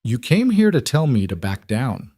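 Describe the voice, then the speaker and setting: A man voicing a steady frontier marshal. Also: medium pitch, moderate pace, husky, no echo, studio quality, voice pushed up. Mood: defiant. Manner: quiet, firm. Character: gruff frontier town marshal, steady and stubborn.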